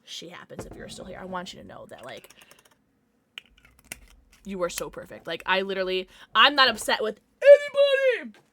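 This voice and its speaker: Giggly bright-voiced young woman streamer. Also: mid-range voice, very animated, moderate pace, long pauses. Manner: chatty and giggly, reacting to chat. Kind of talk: casual livestream chat. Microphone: desk microphone.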